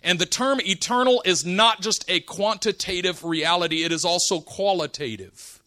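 High-voiced preacher guy, bright tone, lots of laughs and funny stories. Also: moderate pace. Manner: animated storytelling, laughs often. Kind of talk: sermon with personal stories.

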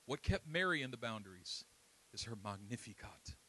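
A middle-aged man preaching a sermon, swinging between loud, soaring passages and quiet, hushed storytelling. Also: mid-range voice, sing-song, moderate pace, slightly rough, low-quality recording.

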